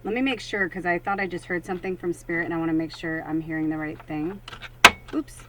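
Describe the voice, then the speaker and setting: A woman's voice: on the low side, fairly even intonation, brisk, background noise. A woman working as a psychic medium, talking casually and animatedly to viewers during a card reading. She swears freely and acts out her own thoughts in quoted asides.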